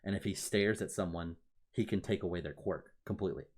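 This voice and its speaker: A man with a fairly low voice talks through a story on a casual podcast. He gets excitable and swears freely, peppering his talk with "like.". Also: a little fast. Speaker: podcast co-host. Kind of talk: casual chat, retelling an anime plot.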